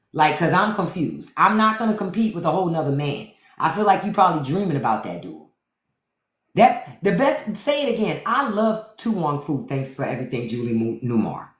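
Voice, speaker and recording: A woman's voice: fairly low pitch, very animated, moderate pace, reverberant. A woman host giving blunt, profane commentary to livestream viewers, repeating her points. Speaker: podcast host.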